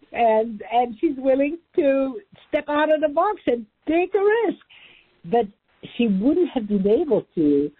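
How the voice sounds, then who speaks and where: A woman guest tells her story with earnest, emphatic conviction. Her voice is a little husky, and it comes through a thin, tinny phone line with a dry sound. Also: mid-range voice, no room sound. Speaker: interview guest, relationship teacher. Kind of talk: storytelling in conversation.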